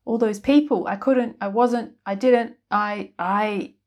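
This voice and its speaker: A tormented man of magic, twitchy and haunted by guilt, stammering over each broken phrase, played by a woman reading a storybook. His words tumble and stall, climbing higher and louder than the telling around them. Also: slow pace, natural voice. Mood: anguished. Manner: stammering, breaking off mid-phrase. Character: twitchy guilt-ridden male wizard.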